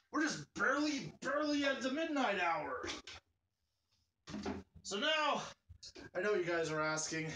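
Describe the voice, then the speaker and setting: A man's voice: high voice, very animated, moderate pace, pauses often, sharp tone, reverberant, recorded from a distance. A man hosting a live stream with casual, joking, self-deprecating banter.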